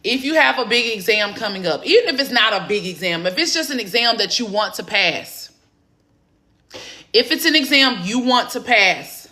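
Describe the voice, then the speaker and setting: A woman from the Southern United States with a Southern accent, an exam prep coach chatting on a phone live stream in an excitable, encouraging way. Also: a little high, moderate pace. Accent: Southern American. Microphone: phone camera.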